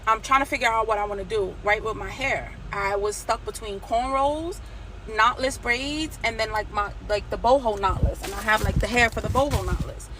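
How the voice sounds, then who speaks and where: A woman's voice: on the high side, normal speed, background noise. A woman from Nigeria telling a story in a blunt, profane rant, acting out the lines of the people in it. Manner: blunt, profane, animated retelling with quoted dialogue.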